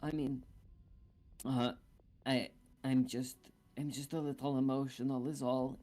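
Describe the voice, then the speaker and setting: A man's voice: medium pitch, level tone, unhurried, mellow, natural voice. A man voicing an emotional young woman adventurer in a tabletop game, stammering and apologetic. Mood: tearful pleading. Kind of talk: roleplaying a tabletop game character.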